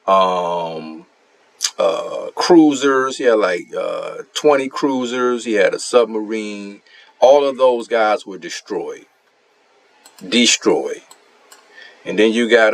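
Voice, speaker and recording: A man's voice: lowish voice, fairly bright tone, dry recording. A man giving casual commentary on a strategy game, ranting in an indignant, mocking way about another player.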